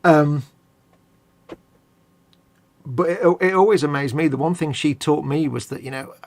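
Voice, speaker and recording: Gravelly, chatty man. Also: on the high side, a little slow, a little mellow. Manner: rambling, chatty, self-correcting. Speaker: co-host of a live stream. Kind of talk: casual chat, reading viewer comments.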